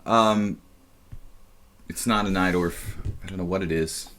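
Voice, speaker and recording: A man with a lowish voice talks through a live chess game as he plays. He muses aloud in a halting way, trailing off and starting over, with frequent fillers between thoughts. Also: steady tone, a bit bright, slight background noise. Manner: musing, halting, many fillers and restarts. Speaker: chess streamer and commentator.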